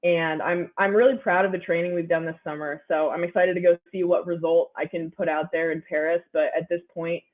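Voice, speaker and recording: A woman's voice: on the low side, fairly even intonation, a little fast, hardly any pauses. A young woman in her twenties, an athlete guest giving upbeat, chatty interview answers full of "like"s. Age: 20s. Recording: phone-like narrow line.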